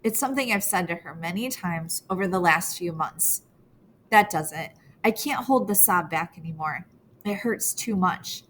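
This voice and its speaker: A woman's voice: fairly low pitch, moderate pace, a bit bright, slight background noise. A woman reading a novel aloud in the first person, earnest and emotional, as a teenage girl telling her own story. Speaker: audiobook narrator.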